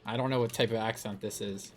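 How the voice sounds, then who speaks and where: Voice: mid-range voice, steady tone, fast, slight background noise. A streamer giving live gameplay commentary, playful and laughing, joking about attempts at silly accents.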